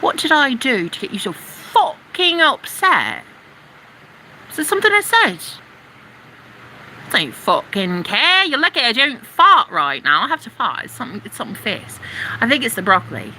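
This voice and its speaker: A woman's voice: medium pitch, sing-song, moderate pace, pushed and bright, a little hiss or hum, poor audio. A woman live streaming, talking casually and ranting in a brash, sarcastic way full of profanity.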